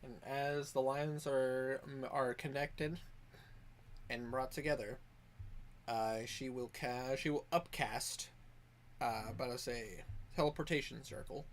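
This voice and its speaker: A man's voice: medium pitch, fairly even intonation, measured pace, a little hiss or hum. A man narrating as dungeon master in a voice-chat tabletop game, with congested sinuses, stumbling and restarting his lines. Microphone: headset or desk mic on voice chat.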